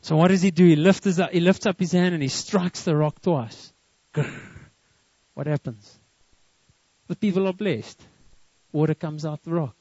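Lively preacher man. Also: fairly high pitch, moderate pace, no room sound, muffled recording. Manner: lively, asks the congregation questions. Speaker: pastor. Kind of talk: sermon.

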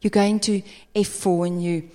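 A South African woman preaching a sermon, emphatic and animated, acting out people's voices. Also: mid-range voice, moderate pace, big-room sound.

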